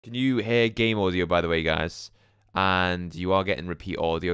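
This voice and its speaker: A man's voice: sits low, fairly even intonation, moderate pace, a bit bright, clean tone, no echo, clean studio sound. A man from Liverpool with a Scouse accent, chatting casually on a live gaming stream, answering viewers and swearing now and then. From Liverpool, England. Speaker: gaming livestreamer.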